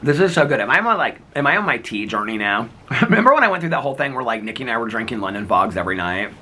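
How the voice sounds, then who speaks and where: A man's voice: medium pitch, sing-song, racing, sharp tone, slight background noise. A middle-aged man vlogging in a rambling casual chat, laughing often as he talks.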